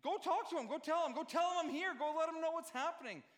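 A man's voice: very high-pitched, fast, pitched above the performer's own voice. A male preacher voicing an offended man who whines and pleads about being forgotten. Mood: pleading, aggrieved. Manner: whiny, pleading, repeats his complaint.

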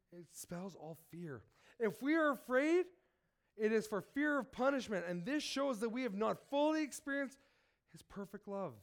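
A man's voice: high voice, vocal fry. A man who is sick, reading scripture and preaching, earnest and asking his listeners direct questions. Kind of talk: sermon with Bible reading.

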